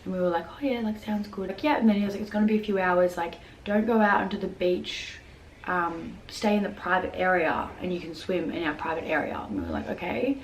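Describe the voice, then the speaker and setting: A woman's voice: lowish voice, a little fast. A young woman vlogging casually, telling a story with lots of "like" fillers and acted-out quotes. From Australia. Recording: echoey room with faint background noise.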